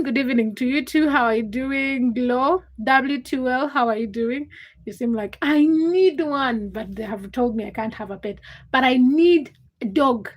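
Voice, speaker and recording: A young woman hosts a relaxed livestream, rambling chattily to her viewers and laughing along the way. Her voice sits high and light. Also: rough recording. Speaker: livestream host. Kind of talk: casual livestream chat with viewers. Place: Uganda.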